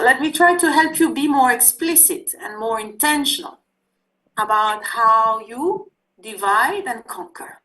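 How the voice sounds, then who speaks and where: A woman teaching a class on sales, talking loosely and often pausing with fillers as she explains. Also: a little high, bright, forceful tone, rough recording. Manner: conversational, searching for words with many fillers. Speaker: instructor. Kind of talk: online class lecture.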